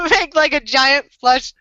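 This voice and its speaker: A woman in casual group chat, giggly and animated. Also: sits high, takes it slowly, no room sound. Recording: dull lo-fi audio.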